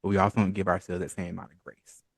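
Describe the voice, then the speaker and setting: A man who is a guest on a podcast, speaking in a calm, encouraging coaching manner. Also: low voice, racing, no echo. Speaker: podcast guest, holistic and spiritual entrepreneur. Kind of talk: casual podcast interview.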